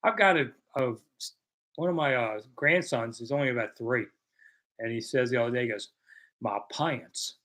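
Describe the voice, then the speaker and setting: A man's voice: mid-range voice, moderate pace, sharp tone. Chatty older man on a live stream. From American South. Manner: chatty, self-deprecating, reads viewer questions aloud. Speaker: host. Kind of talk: casual live chat answering viewers.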